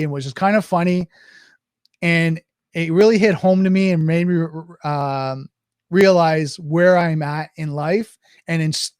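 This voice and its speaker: A man's voice: sits high, darkish tone, no echo, clean studio sound. A man hosting a podcast, rambling casually and answering viewer questions. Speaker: podcast host. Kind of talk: casual livestream podcast talk. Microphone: podcast mic.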